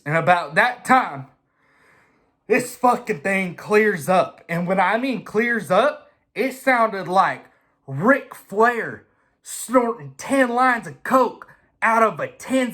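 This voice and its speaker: Bright-voiced guy telling a cussing-filled drag race story, goes from low mumbles to loud shouty impressions. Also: slow pace. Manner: animated, profane, comic imitations and shouts. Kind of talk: profane storytelling monologue.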